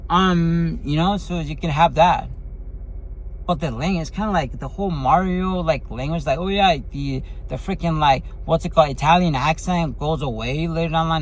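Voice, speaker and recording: A man with a fairly high voice talks through his take on a film in a loose, rambling way. He leans on fillers and keeps checking in with a tag question. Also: a little hiss or hum, rough recording. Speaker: movie reviewer. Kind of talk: casual spoken movie review.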